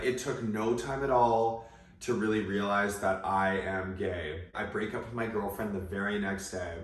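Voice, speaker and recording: A man's voice: on the low side, recorded from a distance. A young man telling a personal story in a casual, chatty way full of asides. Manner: chatty, many likes and asides. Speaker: vlogger. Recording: roomy echo, away from mic.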